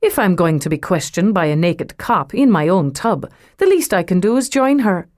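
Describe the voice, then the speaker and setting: Suave rich man, read by a woman, faint Irish lilt, amused and unhurried, low and dry. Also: sing-song, darkish tone, dry recording. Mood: amused, smooth. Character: suave wealthy man, teasing and self-assured. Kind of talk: audiobook character reading.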